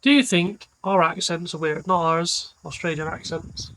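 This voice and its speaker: A man's voice: fairly high pitch, steady tone, moderate pace, a bit bright, slight background noise, rough recording. A man, chatting casually as a vlogger, rambling with lots of fillers. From England. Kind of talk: casual chat.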